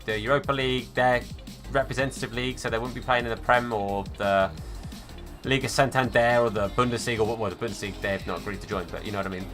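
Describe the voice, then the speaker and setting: A man's voice: mid-range voice, bright, forceful tone. A man live-streaming a football game, chatting casually and answering viewers by name, calling them mate and fella.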